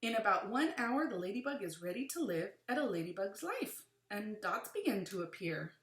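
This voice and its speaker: A woman teacher reads a picture book aloud to young children, with friendly explanations between passages. Her voice sits at an ordinary middle pitch. The room gives it a noticeable echo. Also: sing-song, normal speed, a bit bright. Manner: adds friendly asides to young pupils.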